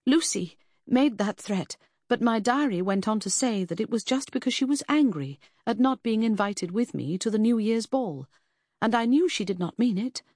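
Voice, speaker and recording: A woman's voice: fairly high pitch, expressive, moderate pace, darkish tone, dry recording, studio quality, voice pushed up. A woman voicing an earnest, anxious young Victorian woman in an audiobook.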